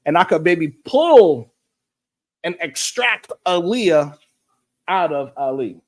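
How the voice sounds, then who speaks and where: A man hosting a talk show, reacting to clips in loose, animated commentary, laughing and repeating himself for emphasis. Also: on the high side, slow pace. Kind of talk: casual commentary. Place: studio.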